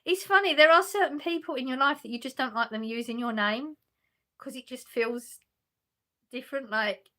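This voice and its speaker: With a high, sharp voice at a moderate pace, this livestream host chats casually from her sofa at home. She reads out viewers' messages and answers them, often laughing and starting over.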